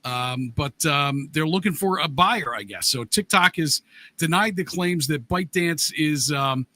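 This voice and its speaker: A man's voice: fairly high pitch, lively intonation, measured pace, bright, forceful tone, dry recording. Man, podcast co-host, casual news read, um-filled, easy laugh. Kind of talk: casual chat and news reading.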